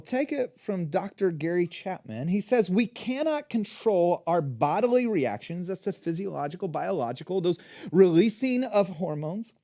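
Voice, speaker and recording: A man preaching a sermon as a pastor, in an energetic, conversational teaching manner. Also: high-pitched.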